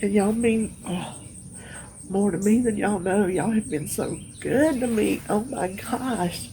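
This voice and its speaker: A woman's voice: mid-range voice, background noise. A middle-aged woman, rambling and emotional as she chats to her viewers, sounding tired. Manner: rambling, emotional, drawn-out pauses. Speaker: vlogger. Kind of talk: casual rambling chat to viewers.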